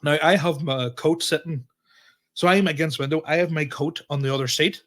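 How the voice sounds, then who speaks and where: A young man with a Northern Irish accent, telling a story on a podcast in animated, sweary casual chat and acting out what people said. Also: on the high side, brisk. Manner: animated, swearing, acts out quoted exchanges. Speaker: podcast host.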